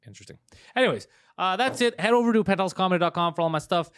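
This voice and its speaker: Schnell redender, fluchender Mann. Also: male voice, high-pitched, animated, clear, resonant tone, no room sound, clean studio sound. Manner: fast, profane storytelling with many fillers. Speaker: comedian podcast host. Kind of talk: casual chat.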